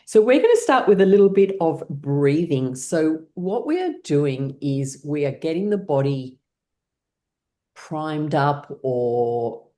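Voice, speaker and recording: A woman with a fairly low voice leads a guided laughter class. She talks listeners through each step in an encouraging way and breaks into playful laughs between instructions. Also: sing-song, takes it slowly, mellow.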